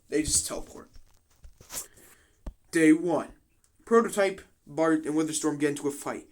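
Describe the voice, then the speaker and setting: A young man giving casual commentary on a game simulation, slangy and full of swearing and joking asides. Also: fairly high pitch.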